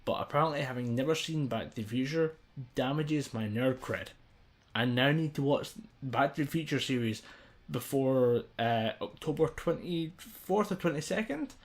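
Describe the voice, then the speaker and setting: A man's voice: mid-range voice, moderate pace. A young man co-hosting a podcast in casual, sweary, joking chat. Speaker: podcast co-host.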